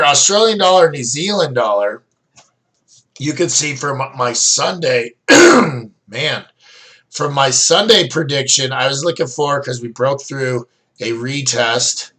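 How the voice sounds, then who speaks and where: A middle-aged man with a fairly high, somewhat bright voice coaches viewers casually through trading charts on a screen share. He rambles, using lots of fillers and restarting sentences.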